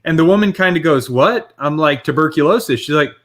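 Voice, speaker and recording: A man with a somewhat high voice chats casually as a podcast host. He tells stories with lively energy and laughs often while recalling them. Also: fast, crowd noise. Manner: animated storytelling, laughs often. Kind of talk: casual chat.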